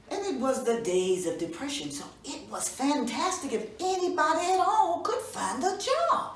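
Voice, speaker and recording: A woman storyteller telling a folk tale for children, expressive and folksy, her voice fairly high and rising and falling widely. She sounds distant from the mic in a roomy space, with faint noise behind her. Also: moderate pace, hardly any pauses.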